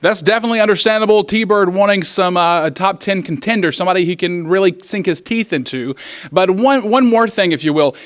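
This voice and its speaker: A man's voice: high-pitched, brisk. A man hosting backstage wrestling interviews, announcer-style, repeatedly calling out to wrestling fans.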